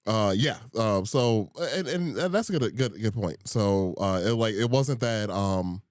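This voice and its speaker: A man's voice: fairly low pitch, expressive, a little slow, no echo, studio quality. A young man co-hosting a casual podcast chat. He laughs often and talks with many fillers and restarts. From Indiana, USA. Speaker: podcast co-host.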